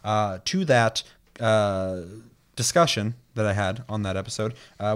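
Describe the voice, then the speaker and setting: Animated swearing man ranting casually. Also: on the low side, unhurried, clean tone. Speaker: podcast host. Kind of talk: casual chat.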